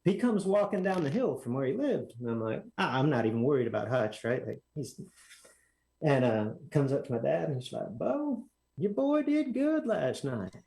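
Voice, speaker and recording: A man telling a story as a podcast guest, animated and acting out other people's lines in a raised voice. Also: medium pitch, fairly quick, creaky, low-quality recording. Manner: animated, acts out quotes in raised voice. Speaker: guest drag racer. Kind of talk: casual storytelling.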